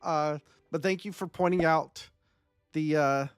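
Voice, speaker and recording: A man's voice: on the high side, a little slow, clear, resonant tone, no room sound, studio quality. Chatty joking man streaming a strategy game. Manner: chatty, joking, talks to chat. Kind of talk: live strategy game commentary.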